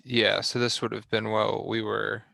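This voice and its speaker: A man playing in a tabletop game, talking in a halting, filler-heavy way as he plans. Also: fairly low pitch, level tone, vocal fry, pushed and bright, dry recording. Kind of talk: casual table-talk role-play.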